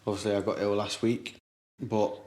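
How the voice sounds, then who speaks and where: A man's voice: on the low side, level tone, moderate pace, a little mellow. A man co-hosting a casual podcast, answering in brief, laid-back replies. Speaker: podcast co-host. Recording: roomy echoey room.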